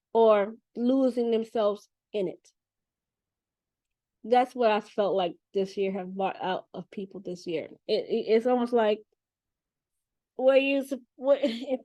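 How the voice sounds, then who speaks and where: A woman giving a casual spiritual reading in an animated, chatty and profane way. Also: fairly high pitch, no room sound. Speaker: spiritual reader.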